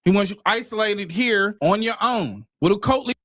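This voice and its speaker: A man in a played clip giving pointed commentary with an emphatic, measured delivery. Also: sits high, lively intonation, a bit bright, no echo, clean studio sound.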